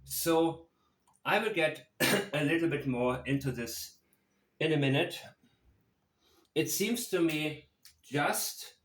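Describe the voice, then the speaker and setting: Man commentator, slow and deliberate, analytical, room echo on the voice. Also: on the high side, expressive, a bit bright. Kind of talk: true-crime video commentary. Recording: roomy echo.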